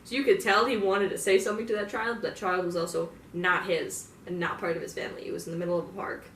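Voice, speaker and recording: A woman's voice: fairly low pitch, fairly even intonation, fast talker, fairly bright tone, a little hiss or hum. A young woman in a casual, profane in-character monologue, rambling with lots of filler words. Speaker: fan roleplayer. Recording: roomy, distant mic, faint ambience.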